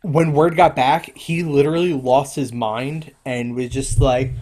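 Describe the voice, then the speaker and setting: Casual male podcast co-host, mid-pitched, loose and rambling delivery full of ums and restarts. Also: fairly even intonation, measured pace, very noisy. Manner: rambling, lots of fillers and restarts. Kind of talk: casual history chat.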